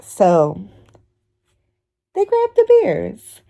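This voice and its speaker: A woman vlogger telling a funny story casually, animated and swearing, acting out voices as she goes. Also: mid-range voice, drawn-out words, creaky. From Philadelphia. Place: outdoors in public.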